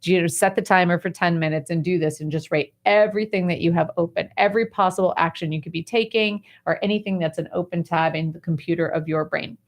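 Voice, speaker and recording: Chatty woman host coaching, lower voice. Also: fast, hardly any pauses. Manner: animated, chatty explaining with many fillers. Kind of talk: casual coaching talk.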